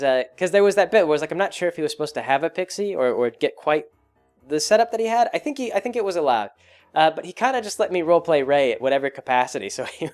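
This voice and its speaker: In casual chat, a man recalls a tabletop campaign he ran as game master, rambling along with plenty of fillers and restarts. His voice sits a little high and has a darkish tone.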